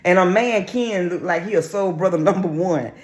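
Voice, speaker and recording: A man's voice: sits high, moderate pace. A man giving sassy, brash, crude gossip commentary on a reality show in a casual vlog.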